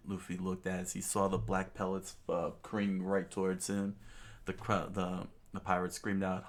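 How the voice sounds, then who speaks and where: A man reading a comic aloud in a casual way, halting with restarts and fillers. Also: low-pitched, completely flat delivery. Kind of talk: casual comic read-along.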